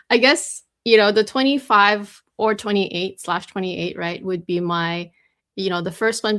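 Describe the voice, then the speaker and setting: A woman's voice: on the low side, fairly bright tone. A woman hosting a live talk show, chatting in a rambling way with lots of fillers and restarts. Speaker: host.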